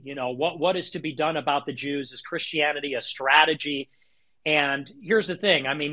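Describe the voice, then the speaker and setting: A man's voice: fairly high pitch, pushed and bright. A man in a heated debate, challenging and cutting in on the other side. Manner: interrupting, challenging.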